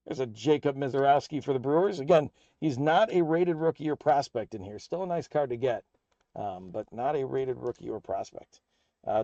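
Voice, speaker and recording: A man hosting a live card break, calling out player names and teams as packs are opened in a steady, upbeat patter. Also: mid-range voice, dry recording, dull audio. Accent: American.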